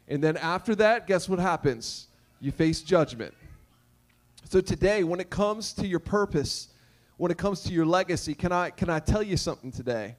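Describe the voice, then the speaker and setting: Speaking at normal speed, a high-voiced pastor gives an animated sermon. He jokes, repeats himself emphatically, and keeps putting questions to the crowd.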